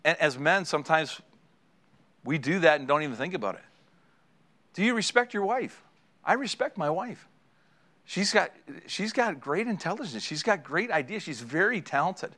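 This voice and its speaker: Preaching pastor, man, lively storytelling. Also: on the high side, moderate pace, pauses often. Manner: storytelling, addresses the congregation directly, laughs at own stories. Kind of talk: sermon to married couples.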